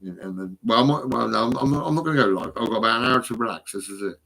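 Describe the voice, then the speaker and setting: Middle-aged man, husky voice, rambling and profane, agitated phone vlogger, swings from mumbles to outbursts. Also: fairly low pitch, very fast, bright, forceful tone. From England. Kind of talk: rambling monologue to camera.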